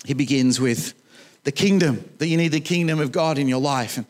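A male pastor preaching a sermon in a church, chatty and animated, with humorous asides to the congregation. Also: on the high side, a little fast.

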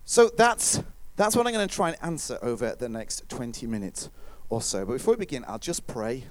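A man's voice: medium pitch, moderate pace, slight background noise. A man preaching a conversational sermon, now and then acting out what his listeners might say. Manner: lively, conversational, acts out listeners' voices.

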